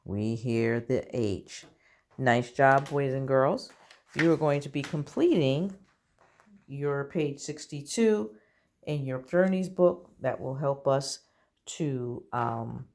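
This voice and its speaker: A woman teaching a recorded early-grade reading lesson, slow and deliberate, encouraging the children. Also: rumbling low, darkish tone.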